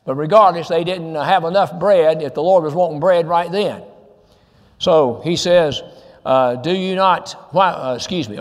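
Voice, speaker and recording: A man preaching, his voice sitting a little high for a man. He talks earnestly and presses his listeners with rhetorical questions between lines of scripture. The sound rings with the long reverb of a church hall. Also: unhurried. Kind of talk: sermon.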